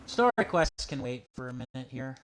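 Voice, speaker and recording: A man's voice: medium pitch, very animated, moderate pace, a bit bright, slight background noise. A man streaming a western video game, chatting casually and thinking aloud while he plays. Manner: chatty, talks to himself while playing. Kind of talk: casual gameplay commentary.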